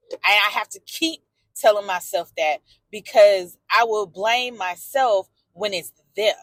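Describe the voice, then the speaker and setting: A woman's voice: medium pitch, fairly bright tone, no echo. A woman talking candidly in a personal vlog from her car, emotional and outspoken, swearing and answering back to a story she follows. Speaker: vlogger.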